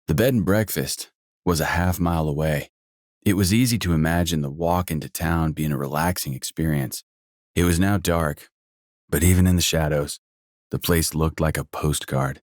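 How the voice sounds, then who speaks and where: A man narrating a romance audiobook in the first person with a measured, even reading. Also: a bass voice, dry recording, clean studio sound.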